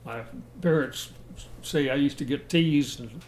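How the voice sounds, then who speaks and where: An older American man reminiscing about his childhood in a relaxed interview, chuckling and restarting his sentences as he goes. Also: a little high, a little slow, slight background noise. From United States. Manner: rambling, chuckling storyteller with frequent restarts.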